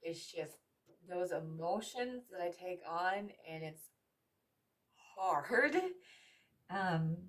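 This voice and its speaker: A woman's voice: fairly low pitch, very slow, pauses often, a bit bright. A woman giving a tarot reading, emotional and repetitive, swearing casually as she talks. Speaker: tarot reader.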